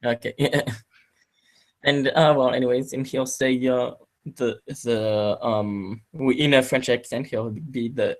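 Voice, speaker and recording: A man acting as game master in a tabletop role-play, narrating in a halting way with many pauses and restarts. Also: mid-range voice. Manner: halting, full of fillers and restarts.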